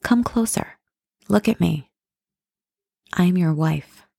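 A woman voicing a calm young woman who keeps a clinic in a dream, speaking in a matter-of-fact, unbothered way. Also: on the low side, takes it slowly, vocal fry, breathy edge, dry recording, clean studio sound, heavily acted. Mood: soft.

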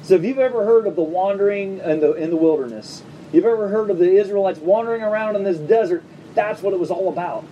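Pastor, male, high and mellow, conversational sermon with humor, slightly distant mic. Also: highs cut off, slight background noise. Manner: conversational preaching with quick asides and humor. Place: church service before a congregation.

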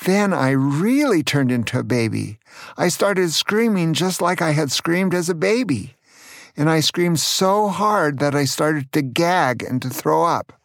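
A man in his sixties from California, a grandfather gently and earnestly telling stories from his childhood on his own podcast. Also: fairly high pitch, animated, dry recording, studio quality. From California, USA. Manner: earnest, gentle, slow storytelling. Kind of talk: storytelling memoir.

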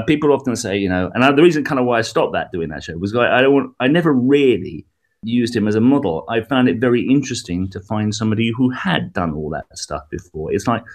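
A man being interviewed as a guest comedian and musician, talking in a rambling, animated way with many restarts. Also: fairly low pitch. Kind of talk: radio interview conversation.

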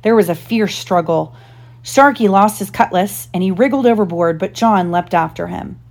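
A woman reading a storybook aloud to her child, expressive, pausing to ask gentle questions. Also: medium pitch.

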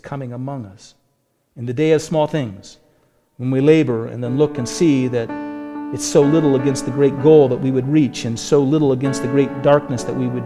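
A man's voice: medium pitch, gravelly. A man preaching a sermon as pastor, earnest and rising to fervent peaks. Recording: hall reverb.

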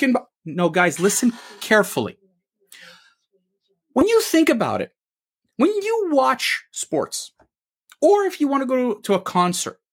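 Man, co-host, emphatic sports commentary, high-ish voice, very lively pitch, rhetorical questions. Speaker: co-host of a sports opinion show. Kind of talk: ranting opinion commentary.

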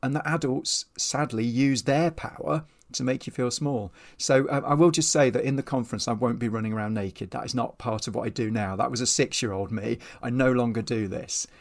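A man's voice: medium pitch, a little fast, creaky, few pauses. A man in his fifties, a behaviour trainer telling stories as an interview guest in a chatty, self-deprecating way. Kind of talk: casual storytelling in an interview.

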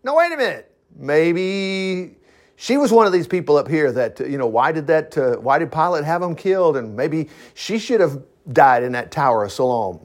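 Lively man reading scripture with asides. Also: fairly high pitch. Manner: animated, breaks into asides and acted-out voices. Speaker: Bible teacher. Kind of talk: informal Bible reading with commentary.

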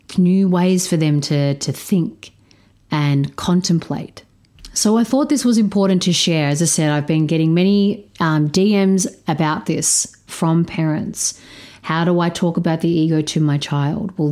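Brief: woman podcast host, solo monologue, blunt and profane, slightly low voice. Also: unhurried, a little mellow. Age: adult stepparent. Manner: frank, profane, emphatic.

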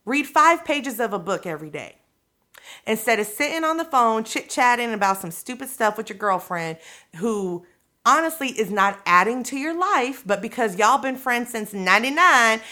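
A woman with a bright, forceful, mid-range voice hosts her own podcast. She gives listeners a casual motivational talk, direct, coaxing, and full of slang, checking in with "okay?" and "you know what I'm saying?"

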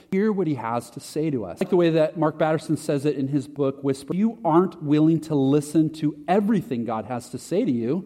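A man's voice: on the high side, dark tone. Preaching man in a reverberant hall. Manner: conversational, self-deprecating preaching with restarts. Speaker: pastor. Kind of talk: sermon.

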